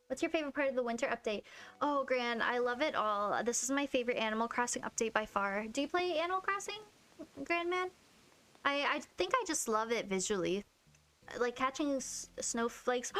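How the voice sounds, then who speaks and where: A young woman streaming games, chatting casually with her viewers, excitable and quick to swear, gasp and shriek. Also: sits high. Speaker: game streamer. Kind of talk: casual live-stream chat. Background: faint game music.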